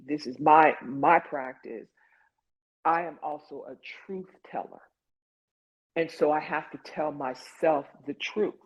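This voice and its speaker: A woman guiding an online support group, talking in an earnest, conversational way over a video call. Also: sits low. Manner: conversational, earnest, lots of "like" and "you know". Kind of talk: guided online group session. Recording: dull lo-fi video call audio.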